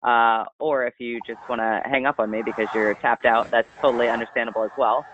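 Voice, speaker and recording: A man giving a casual, rambling product training talk over a conference call, in a delivery he calls monotone. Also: mid-range voice, fairly quick, slight background noise. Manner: chatty, rambling, self-described monotone. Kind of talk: casual webinar presentation. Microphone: conference call line. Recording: tinny phone line, dry.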